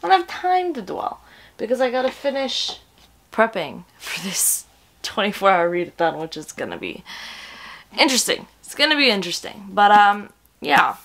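A woman in her twenties chatting in a casual book vlog at home, gushing and excitable, breaking into gasps and breathy whispers. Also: medium pitch, moderate pace. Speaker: book vlogger.

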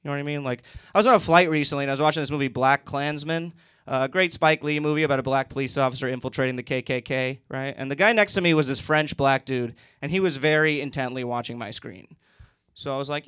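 Young male comic, stand-up set, dry storyteller, slightly high voice, close dry sound. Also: fast talker, a bit bright, clear, resonant tone, dry recording. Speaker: stand-up comedian. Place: comedy club.

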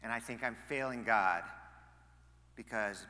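Animated high-voiced male preacher, echoey hall. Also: a little slow. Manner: animated, swings between loud emphasis and quiet asides. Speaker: pastor. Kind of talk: sermon. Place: church sanctuary.

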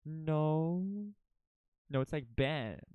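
Young guy streaming a game, dramatic, repeats himself, smooth clear voice, pretty high. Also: very slow, no echo, narrow, tinny audio. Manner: dramatic, repetitive, swings from loud panic to low mutters. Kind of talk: live game commentary.

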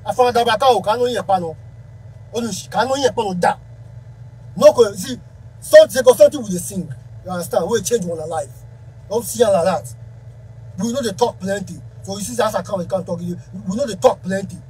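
A man's voice: high voice, mellow, slight background noise, rough recording. Heated man ranting in Ghanaian Pidgin. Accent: Ghanaian Pidgin English. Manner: heated, confrontational, Pidgin-laced, repetitive. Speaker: musician. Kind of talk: angry rant to camera.

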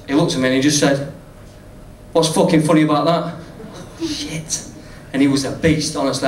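Northern English male comic, mid pitch, chatty and sweary, heard from across an echoey club. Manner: swears freely, chatty, laughs at own jokes. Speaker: stand-up comedian. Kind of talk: stand-up storytelling. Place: comedy club stage with audience. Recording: roomy, distant live recording with noise.

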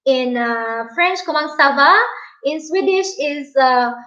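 A woman's voice: sits high, expressive, slow, fairly bright tone. Chatty woman livestreaming. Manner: chatty, laughs often, reads viewer comments aloud. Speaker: livestream host. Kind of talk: casual livestream chat. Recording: dull lo-fi stream audio.

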